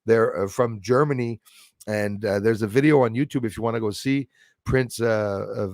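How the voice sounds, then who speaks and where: A man's voice: on the low side, steady tone, normal speed, darkish tone, no room sound, clean studio sound. A man from Canada hosting a casual livestream, talking in an emphatic, rambling way with many fillers and restarts. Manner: reads out and thanks viewers in chat. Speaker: livestream host.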